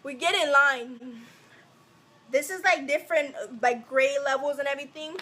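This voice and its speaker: Brief: young woman from Africa, high bright voice, animated storytime vlog delivery. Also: normal speed. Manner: animated, acts out every quote. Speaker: vlogger.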